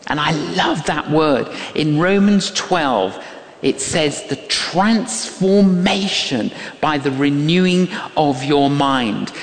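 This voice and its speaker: An older man preaching a sermon, telling stories and acting out the voices of people in them with emphasis. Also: fairly high pitch. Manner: animated, emphatic, acts out quoted voices. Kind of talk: sermon with storytelling. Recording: long reverb of a large hall.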